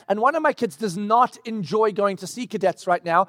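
A middle-aged man preaches a sermon in an unusually high voice. He tells the story casually, jumping into acted-out voices. The mic picks him up close and dry, with almost no room sound. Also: normal speed, no room sound. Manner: animated storytelling with acted-out quotes. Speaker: pastor. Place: church.

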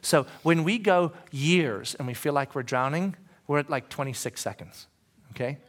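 A male pastor giving a sermon in a church, talking conversationally, asking the congregation questions and moving between quiet moments and shouting. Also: a little high, lively intonation, moderate pace.

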